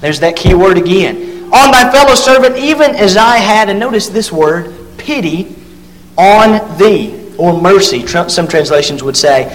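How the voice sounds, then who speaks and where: A man with a notably high voice delivers a sermon, stretching out words he wants to stress. His voice rings with a long hall reverb, as in a church sanctuary. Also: expressive, a bit bright, slight background noise. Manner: emphatic, drawn-out stresses on key words. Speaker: pastor. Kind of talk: sermon with scripture reading.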